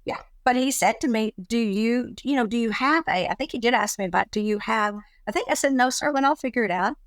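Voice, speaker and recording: Animated woman telling a workplace story. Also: on the high side, fairly quick, no room sound. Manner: animated, acts out quoted dialogue. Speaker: guest. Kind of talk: casual storytelling chat.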